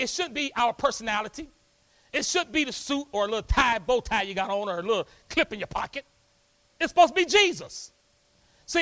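A man preaching in a church, his voice fairly high for a man and swinging widely from booming peaks to hushed lows. He talks in a folksy, rousing style and keeps calling back to the congregation. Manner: folksy, rousing, call-and-response. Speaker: pastor. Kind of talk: lively sermon. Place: church hall.

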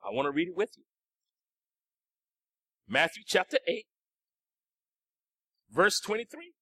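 A male pastor, preaching a sermon that swings between shouted lines and hushed, low passages. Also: very animated, a little slow, breathy edge, no room sound, clean studio sound.

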